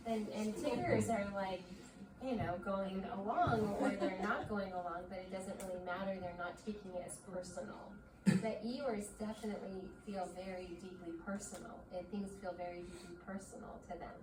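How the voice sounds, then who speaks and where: A woman leads a parent workshop, explaining in a gentle, thoughtful way. She sounds set back from the mic in an echoey room. A steady hiss of noise runs underneath. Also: medium pitch, moderate pace, recorded from a distance. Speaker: workshop presenter.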